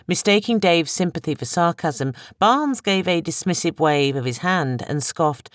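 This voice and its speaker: An audiobook narrator reading a novel in steady, expressive scripted narration on a close studio microphone. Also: medium pitch, normal speed, hardly any pauses, dry recording.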